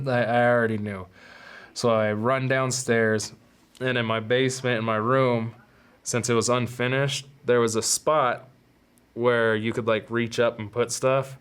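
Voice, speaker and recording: A man's voice: medium pitch, a bit bright, clean tone. Young male podcast host, candid storyteller, profane, mid-range voice. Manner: candid, profane, acts out quotes in raised voices. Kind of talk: personal storytelling.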